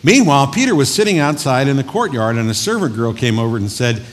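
A male pastor preaching in a folksy, joking, conversational way. His voice sits at a middle pitch. A long reverb hangs in the church hall around him. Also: animated, fast talker. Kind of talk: sermon.

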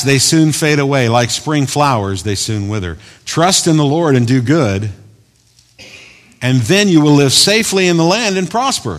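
Male pastor, animated sermon delivery, loud peaks and soft asides, reverberant hall. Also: mid-range voice, moderate pace. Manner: animated preaching, swinging from loud emphatic bursts to quiet asides.

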